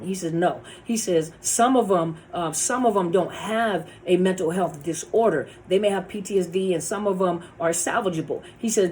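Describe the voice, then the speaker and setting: A woman's voice: lowish voice, a little mellow, a little hiss or hum. A woman counselor talking casually about narcissist abuse, often repeating and restarting her words. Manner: conversational, repeats words and restarts, acts out quoted lines. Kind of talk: casual talk to camera.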